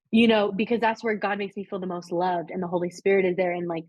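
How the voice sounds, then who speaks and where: A woman's voice: mid-range voice, flat delivery, fairly quick, darkish tone, no room sound. A woman co-hosting a podcast, talking casually and rambling with lots of likes and restarts. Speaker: podcast co-host. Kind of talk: casual spiritual chat. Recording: dry, slightly dull sound.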